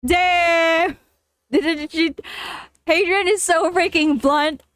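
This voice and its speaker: A woman's voice: extremely high pitch, takes it slowly, dry recording, clean studio sound. A woman streaming casually, reading viewer stories aloud and reacting with frequent laughter and repeated phrases. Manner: giggly, laughs often, repeats herself. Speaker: vtuber streamer. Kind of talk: casual livestream reading and commenting.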